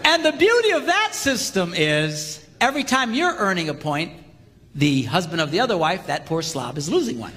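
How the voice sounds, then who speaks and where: A man with a high, very lively voice delivers a comedic seminar from the stage of a large hall. He talks in punchy bursts and shouts out sound effects. His voice rings with long reverb over a clear layer of background noise. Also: normal speed. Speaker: marriage seminar speaker. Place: large hall before a live audience.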